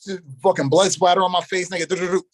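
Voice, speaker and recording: A young man spins a long story as an interview guest, animated and full of street slang, and he acts out every quoted line. His voice sits a little high for a man. The sound is dry and close. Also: fast, dry recording, low-quality recording. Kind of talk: casual storytelling.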